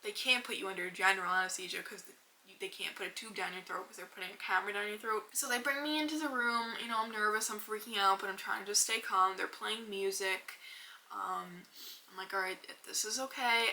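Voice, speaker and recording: Young woman host, very bright tone, chatty storyteller, filler-heavy, everyday pitch. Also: a little hiss or hum. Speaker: podcast host. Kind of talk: casual storytelling monologue.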